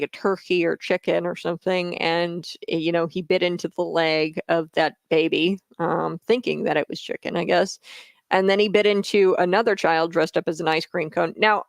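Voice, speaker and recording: A man's voice: high voice, level tone, normal speed, creaky, no room sound. A man hosting a casual political commentary vlog, talking in a sarcastic, mocking way with lots of filler words.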